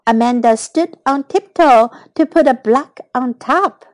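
A woman reading a children's picture book aloud slowly and clearly, in two languages. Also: high-pitched, no room sound. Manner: slow, clear, expressive reading. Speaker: storyteller. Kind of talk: bilingual storybook read-aloud for children.

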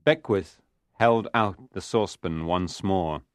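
A man's voice: sits low, slow, no echo, clean studio sound. A man narrating a graded reader audiobook in a careful reading voice.

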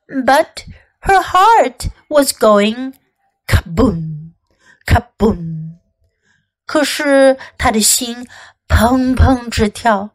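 A woman English teacher reading a picture book aloud in two languages and repeating sentences for practice, slow and expressive. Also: high voice. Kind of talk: bilingual storybook reading and lesson.

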